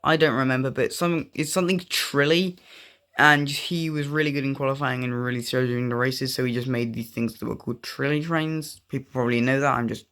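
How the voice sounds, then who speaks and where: A man's voice: medium pitch, steady tone, brisk, a bit bright, clear, resonant tone. A young man giving casual, rambling commentary over racing game footage, often drifting off on tangents. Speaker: gaming video creator.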